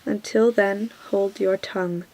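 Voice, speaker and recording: Woman whispering as a grumpy bearded king, whispered role-play, gravelly. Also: medium pitch, steady tone, unhurried, poor audio. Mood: gruff. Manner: soft whisper. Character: gruff irritable heavyset king.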